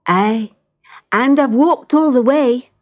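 A woman's voice: high voice, slow, darkish tone, pitched above the performer's own voice. A woman voicing a tired, shy little male cat with a Scottish accent in a storybook reading. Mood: earnest.

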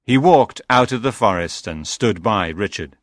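A man narrating a simple storybook slowly and deliberately. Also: fairly low pitch, animated, dry recording, clean studio sound. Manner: slow and deliberate.

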